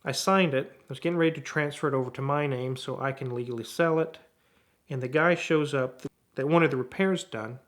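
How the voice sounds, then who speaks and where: A middle-aged man who runs a car repair shop, telling a story in an animated way and acting out both sides of the conversations. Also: medium pitch, brisk. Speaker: auto repair shop owner. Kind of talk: storytelling to camera.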